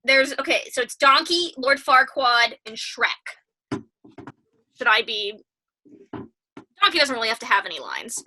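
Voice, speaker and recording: A woman's voice: fairly high pitch, lively intonation, measured pace, pauses often, pushed and bright. A young woman co-hosting a podcast in casual, giggly chat. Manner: giggly and chatty. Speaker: podcast co-host.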